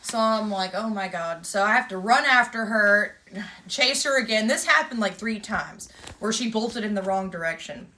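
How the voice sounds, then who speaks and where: A woman, casually telling a lively story and acting out the exchanges she had along the way. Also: medium pitch, normal speed. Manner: lively, vivid retelling with quoted exchanges. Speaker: emu owner telling a story.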